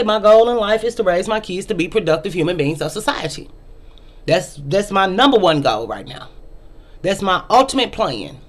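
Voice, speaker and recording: A middle-aged woman hosting her own vlog, giving an emphatic, ranting opinion monologue and repeating lines for effect. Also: on the low side. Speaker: vlog host.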